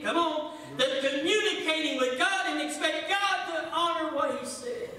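A man preaches with a high, bright, ringing voice. He swings from loud preaching to quiet asides in a folksy way. He is caught from a distance in a very echoey church hall, with a faint hiss behind him. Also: normal speed, few pauses. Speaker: pastor. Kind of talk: sermon. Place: church sanctuary.

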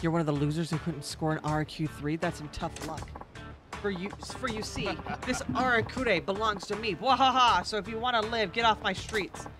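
A man's voice: high voice, normal speed, music in the background, close to an everyday voice. A man reading a video game line aloud as a boastful male street thug, with a theatrical evil laugh. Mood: mocking. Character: gloating male street thug, smug villain.

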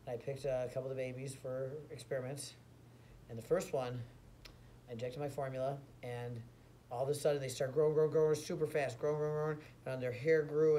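A man tells an absurd tall tale in a rambling, mock-boastful way. His voice has an ordinary, mid-range pitch for a man. A faint background hiss sits under the recording. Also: warm tone. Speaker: comedy storyteller.

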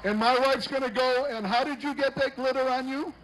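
A middle-aged man announcing a street parade outdoors, joking with the crowd and shouting cheers. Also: extremely high pitch, steady tone, brisk. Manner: jokey, upbeat emcee, often shouting cheers. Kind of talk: live event announcing. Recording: noisy outdoor parade recording.

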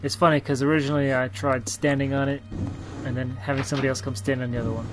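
A man's voice: medium pitch, little pitch movement, fast. A young man playing a video game on a let's play, cracking jokes and muttering as he goes. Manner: wisecracking, mutters while playing. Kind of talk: casual gameplay commentary. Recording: game music behind.

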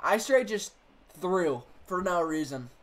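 A man's voice: high-pitched, slow pace. A young man streaming a baseball video game, commenting casually on his play and reacting to the game and his chat. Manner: excitable, talks to the game and chat, frustrated outbursts. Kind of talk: live gameplay commentary.

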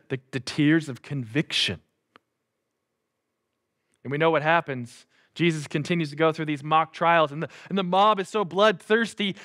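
A man's voice: fairly high pitch, fairly bright tone. A man preaching a sermon in a casual, conversational way, acting out the quotes. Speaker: pastor. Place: church.

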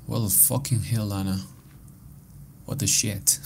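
Profane, jumpy let's-play man, lowish voice. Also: unhurried, gravelly, long pauses, slight background noise. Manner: swears a lot, excitable startled reactions. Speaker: gameplay commentator.

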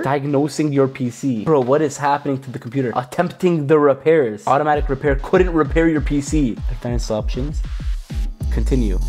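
A man's voice: medium pitch, a little mellow. A man giving hyped, jokey commentary while running computer viruses on screen, yelping whenever something sudden happens. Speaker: YouTuber testing computer viruses. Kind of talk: casual screen-recorded commentary.

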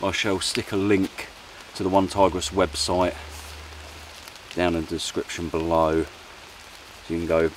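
Camping vlogger, man, very low voice, easygoing and chatty, recorded outside with rain pattering behind. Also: measured pace, slight background noise. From United Kingdom. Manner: chatty, relaxed, slangy. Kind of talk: casual outdoor vlog. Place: rainy woodland outdoors. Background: heavy rain.

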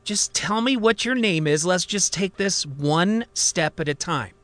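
A calm female psychiatrist speaks gently and slowly to settle a patient, as a male storyteller puts her on. The tone is bright and a little higher. The sound is dry and close. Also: no echo. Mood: soothing. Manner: gentle, slow, soothing.

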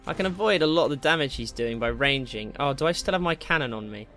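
A man giving casual, excitable commentary while playing a game, swearing and taunting enemies. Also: mid-range voice, fast, soft background music. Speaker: gameplay commentator.

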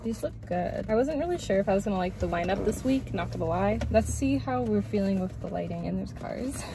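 A woman's voice: mid-range voice, expressive, fairly quick, background noise. A young woman chatting casually as she reviews and tastes food, gushing with little hums and lots of "like". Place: outdoors near a road, cars passing.

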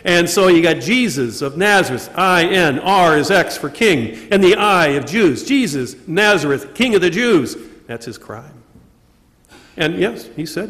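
A man preaching a sermon with a high voice for a man, asking questions and answering them himself. He slows down to stress key words. The sound carries the long reverb of a large church. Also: lively intonation, a bit bright. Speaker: priest. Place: church during Mass.

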